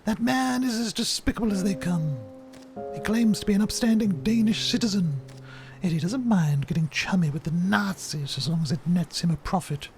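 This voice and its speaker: Guy doing a nasty old gossip lady, high-pitched and sneering, game music behind. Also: normal speed, a little mellow. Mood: scornful. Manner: scornful, gossiping. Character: spiteful cackling old townswoman.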